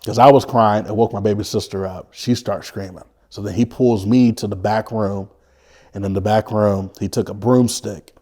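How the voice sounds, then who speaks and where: A man telling his own life story as an interview guest, earnest and halting, often restarting his sentences. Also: on the low side, a little mellow, slightly rough. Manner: vivid retelling.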